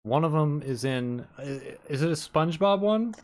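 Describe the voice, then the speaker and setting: A man co-hosting a casual book club podcast, deadpan and profane as he acts out characters' lines. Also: fairly high pitch, moderate pace. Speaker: podcast co-host.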